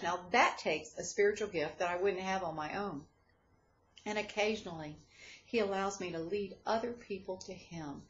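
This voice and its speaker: A middle-aged woman giving an expressive, storytelling devotional talk as a ministry leader. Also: mid-range voice. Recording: dull lo-fi recording.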